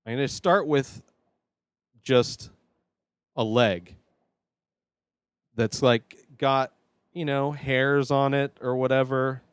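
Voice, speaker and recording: Host, male, slow and dry: a jittery rambler who drops to mutters and then bursts out loud. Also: mid-range voice, fairly even intonation, clear, resonant tone, no room sound. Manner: nervous and rambling, many fillers; swings between quiet mutters and loud outbursts. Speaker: show host. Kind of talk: casual solo vlog.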